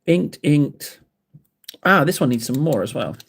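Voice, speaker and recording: Man, lively up-and-down voice, a bit high, rambling, self-mocking, chatty stream host painting miniatures. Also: measured pace, breathy edge. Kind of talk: casual chat with live chat.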